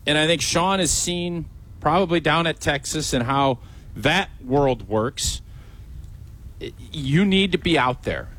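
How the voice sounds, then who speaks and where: A man's voice: a little high, unhurried, fairly bright tone. A man as a guest on a sports talk show, answering thoughtfully with hesitant restarts. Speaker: guest commentator.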